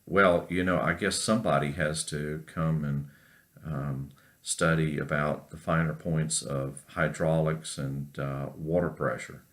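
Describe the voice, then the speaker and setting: A man's voice: very deep voice, steady tone, a little slow, a bit bright. A man with a Southern US accent quoting a puzzled adult male TV home renovator in a wry, offhand way.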